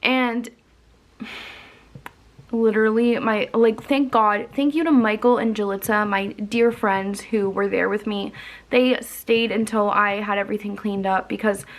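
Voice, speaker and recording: A woman's voice: on the high side, fairly bright tone. A young woman telling a candid, profane story in a casual vlog. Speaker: vlogger.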